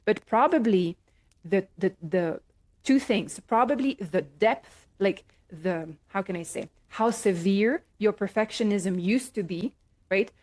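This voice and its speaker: A woman life coach talking through advice in a gentle, reflective way, often checking in with "right?" and pausing with fillers. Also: medium pitch. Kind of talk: casual advice talk.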